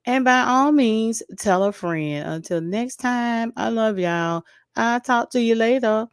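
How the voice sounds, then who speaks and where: Speaking slowly in a slightly high, clean voice, this YouTube commentary host addresses her viewers directly and gives her opinions bluntly in a casual vlog. Allergies and coughing have left her voice weak. The studio-quality recording has no room sound.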